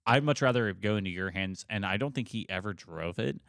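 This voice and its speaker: A man in his twenties on a podcast, telling a story in casual chat, animated, heavy on swearing and fillers. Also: lowish voice, fast talker, no room sound, studio quality. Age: 20s. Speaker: podcast co-host.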